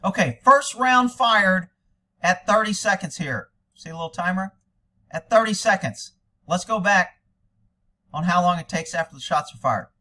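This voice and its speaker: A man's voice: sits high, expressive, normal speed, sharp tone. An American man giving angry, indignant commentary over police video, ranting at length.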